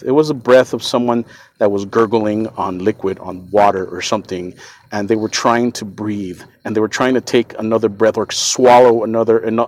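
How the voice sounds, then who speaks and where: A man hosting a podcast, telling a first-person story in an earnest, shaken way, often repeating and restarting his words. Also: lowish voice. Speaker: podcast host.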